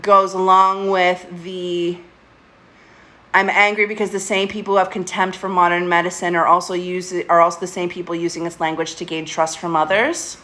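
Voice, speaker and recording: An adult woman getting older hosts a relaxed live stream from home, a pet beside her, speaking candidly with frequent swearing and laughter between thoughts. Her low-leaning voice is sharp in tone, flat in delivery, and moderate in pace.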